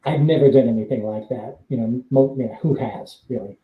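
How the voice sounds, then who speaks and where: Talking fairly quickly in a mid-range voice, a man tells rambling stories from his days as a stunt double, laughing between lines and leaning on fillers. It's casual storytelling on a live stream, captured with roomy, phone-quality sound.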